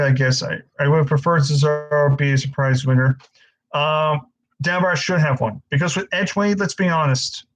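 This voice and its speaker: Young man, live stream host, stammering, swears a lot, fairly high voice. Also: rough recording. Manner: frustrated, stammering, swears often.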